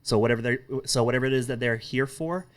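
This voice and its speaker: A man narrating a tabletop game as game master, in a halting manner with many restarts. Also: medium pitch.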